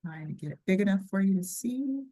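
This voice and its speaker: An older woman with a Southern US accent hosting an online workshop over a video call, chatty and halting with frequent ums and restarts. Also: medium pitch, animated, dark tone. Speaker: webinar host.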